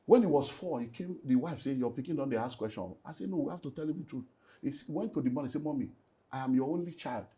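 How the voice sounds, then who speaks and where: A middle-aged Nigerian man, a pastor, telling an earnest, animated personal story in an interview and slipping into Pidgin. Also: medium pitch, fast. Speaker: pastor and relationship speaker.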